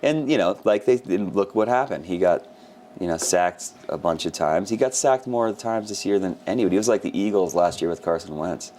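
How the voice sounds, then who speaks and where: A man co-hosting a casual sports podcast, telling animated stories and acting out quotes. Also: low voice, a little fast, slight background noise. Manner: animated storyteller who acts out quotes. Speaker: podcast co-host.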